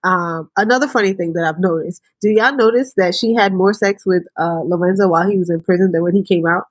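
Husky-voiced woman recapping a show. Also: lowish voice, fast talker, dry recording. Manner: animated, laughing storyteller. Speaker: podcast host. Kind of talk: casual TV recap chat.

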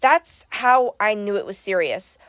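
Female audiobook narrator, expressive storyteller, dry studio sound. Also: medium pitch, a little slow, no room sound. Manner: expressive, lively first-person storytelling. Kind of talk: audiobook reading.

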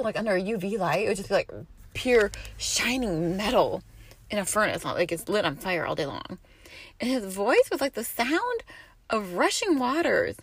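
Animated, gravelly-voiced woman teaching scripture. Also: mid-range voice, no room sound. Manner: expressive reading, bursts of loud emphasis. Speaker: Bible teacher. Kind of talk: scripture reading with commentary.

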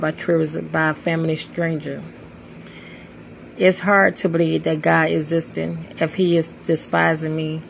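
A woman in her twenties reading her own spoken-word poetry, slow and solemn with measured pauses. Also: low-pitched, vocal fry, a little hiss or hum, low-quality recording. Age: 20s. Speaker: poetry podcaster.

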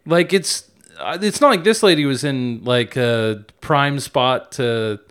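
A man's voice: medium pitch, slow pace, a bit bright, smooth. Rambling, swearing male podcast co-host. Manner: rambling, many restarts and swearing. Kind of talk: casual chat.

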